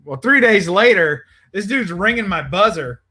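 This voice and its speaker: A man's voice: sits high, expressive, moderate pace, bright, forceful tone, slightly rough. A man telling a long, rambling story in casual chat, full of fillers, acting out the people in it. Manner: rambling, filler-heavy, acts out quotes. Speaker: podcast host telling a story.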